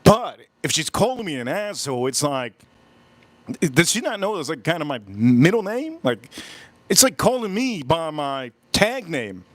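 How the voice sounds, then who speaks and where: A man hosting a livestream, telling a story in an animated, emphatic way and repeating phrases for effect. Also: a little high, a little slow, dry recording. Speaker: livestream host. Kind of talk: live-stream storytelling chat.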